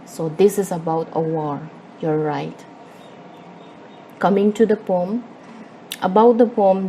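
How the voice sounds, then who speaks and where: A woman's voice: on the low side, mellow, rough recording. A woman with a Manipuri English accent explaining a poem in a classroom-style lesson, patient and repetitive, with many fillers. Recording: faint background noise.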